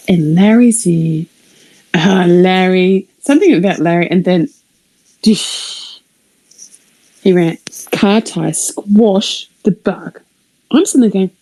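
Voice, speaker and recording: A middle-aged woman, telling a rambling personal story on a live stream, animated and swearing, sometimes dropping to a whisper. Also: medium pitch, a little slow, low-quality recording. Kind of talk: casual anecdote on a live stream.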